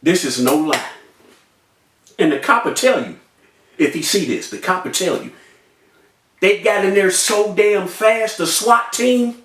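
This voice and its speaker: A young man telling a personal story in an animated way, acting out voices and sound effects with street slang. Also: sits high, measured pace, long pauses, recorded from a distance. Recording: echoey room, off-mic.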